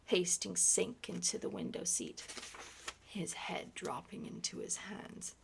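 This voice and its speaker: A woman reading a novel aloud in a hushed, soft-spoken ASMR style, partly whispered. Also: mid-range voice, measured pace, gravelly, breathy edge. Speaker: ASMR reader.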